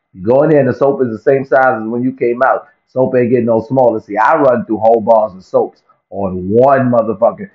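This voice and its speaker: A man ranting profanely and comically to camera in a vlog, repeating himself for effect. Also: medium pitch. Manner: profane, animated, repetitive rant. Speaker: vlogger. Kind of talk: comedic rant to camera. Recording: dull lo-fi recording.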